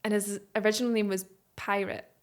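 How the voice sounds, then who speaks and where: A Scottish woman in her twenties, a podcast guest telling casual stories in an animated, chatty way and laughing often. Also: medium pitch, fairly quick. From Scotland. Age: 20s. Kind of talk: casual chat.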